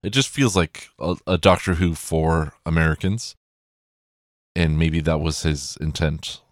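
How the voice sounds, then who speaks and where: A man's voice: rumbling low, a little slow, no room sound, clean studio sound. A man chatting casually and rambling, with plenty of swearing and self-corrections.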